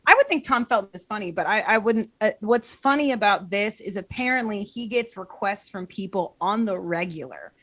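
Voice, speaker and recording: A woman's voice: mid-range voice, moderate pace, few pauses, no room sound. Woman comedian reading quotes playfully. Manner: playful, animated, puts on voices when reading quotes. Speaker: comedian host. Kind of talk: casual comedic chat, reading quotes aloud.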